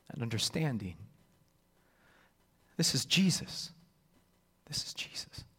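Man, pastor preaching, fairly high voice, lots of reverb, acts out quoted voices. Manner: expressive, acts out quoted voices, repeats words. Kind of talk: sermon.

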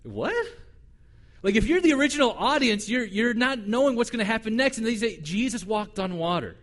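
A man pastor delivering a sermon, telling the story in an animated, conversational way. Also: extremely high pitch, fairly quick.

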